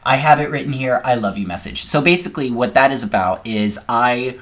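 A woman with a strikingly low voice hosts a casual podcast. She rambles from story to story, swears easily, and keeps steering herself back with "anyway". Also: lively intonation, a little fast. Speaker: podcast host. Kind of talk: casual chat.

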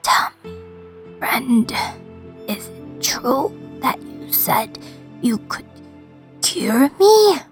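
A woman voicing a sick male fish king in a storybook reading, speaking weakly in a breathy half-whisper. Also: high-pitched, a little slow, fairly bright tone, soft background music, voice pushed up. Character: ailing fish king, weak and demanding.

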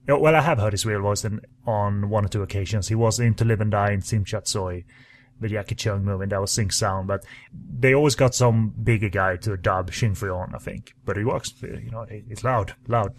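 Man, low voice, casual podcast film chat, rambling, lots of fillers. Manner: enthusiastic, rambling with many fillers and restarts. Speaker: podcast co-host.

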